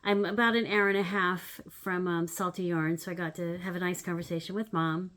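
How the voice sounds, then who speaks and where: A woman in her fifties hosting her needlework channel, telling a story in a chatty, animated way with frequent "um" fillers. Her voice goes loud when she acts out moments and drops soft for asides. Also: fairly low pitch, brisk. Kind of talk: casual vlog storytelling.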